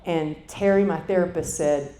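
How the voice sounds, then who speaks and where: A woman's voice: normal speed, mellow. Woman keynote speaker in an echoey hall. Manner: conversational, addresses the audience directly. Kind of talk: motivational keynote storytelling. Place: conference hall stage. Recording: echoey hall with faint rumble.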